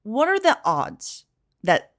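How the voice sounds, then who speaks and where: A woman's voice: on the high side, huge pitch swings, takes it slowly. A woman hosting a podcast in casual chat, speaking candidly and dropping Spanish fillers into her talk. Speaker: podcast host.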